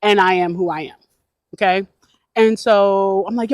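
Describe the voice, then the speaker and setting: A woman vlogger telling a story to her viewers in a casual, animated way, full of filler words. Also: medium pitch, moderate pace, no echo. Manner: animated, chatty, many filler likes. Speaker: van life vlogger.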